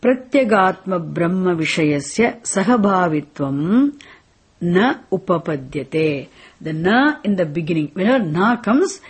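A woman teaching a Vedanta class. She reads Sanskrit verses slowly and explains them in English, repeating phrases and checking with the class by asking "isn't it?". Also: mid-range voice, darkish tone, breathy edge. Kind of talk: scripture class lecture.

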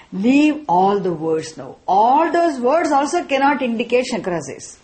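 A woman teaching a class on scripture, speaking deliberately and often checking in with "isn't it?". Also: a little high, a little mellow. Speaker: Vedanta teacher.

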